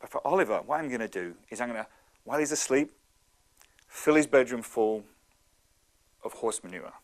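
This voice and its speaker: A man in his thirties giving a motivational talk, telling stories in an animated, conversational way. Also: medium pitch, moderate pace. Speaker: speaker.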